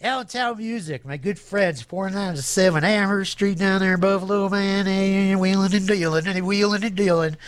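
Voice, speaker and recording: A man hosting a live radio show alone in a studio, reading sponsor plugs with goofy jokes and sudden silly high voices. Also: normal speed, few pauses, clean tone, dry recording. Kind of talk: playful live radio patter. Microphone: studio microphone.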